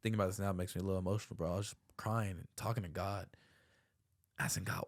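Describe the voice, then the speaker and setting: A man's voice: low voice, steady tone, fast talker. A young man hosting a podcast, telling a personal story earnestly, full of slang like bro and man. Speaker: podcast host.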